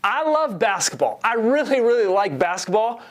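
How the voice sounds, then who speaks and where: A man in his forties preaching a sermon, telling a self-deprecating story in an animated way. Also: high-pitched, normal speed. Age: 40s. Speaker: pastor.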